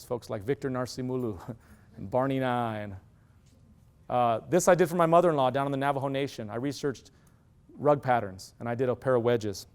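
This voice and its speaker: A middle-aged man giving an animated storytelling lecture, acting out quoted dialogue. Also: mid-range voice, smooth. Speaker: university lecturer.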